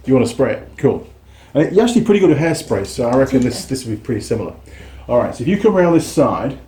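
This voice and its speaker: A man's voice: mid-range voice, mellow. A man hosting a mechanics channel, telling a story in casual workshop chat and swearing now and then.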